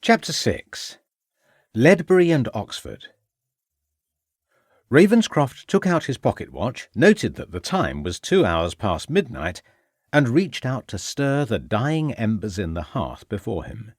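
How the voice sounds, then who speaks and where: A man narrating a mystery audiobook in a measured, expressive storytelling manner. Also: medium pitch, slightly rough, dry recording, studio quality.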